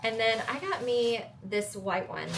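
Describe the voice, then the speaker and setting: A woman's voice: a little high, expressive, a little slow, vocal fry, noisy background. A young woman with a Southern US accent, talking casually and upbeat to camera in a travel vlog, joking about herself. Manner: chatty, upbeat, self-joking. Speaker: travel vlogger.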